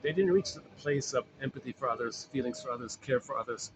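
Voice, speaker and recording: Over background noise, a man with a medium-pitched voice talks fast in an informal recorded lecture on psychology. He rambles, repeats phrases, and uses frequent fillers.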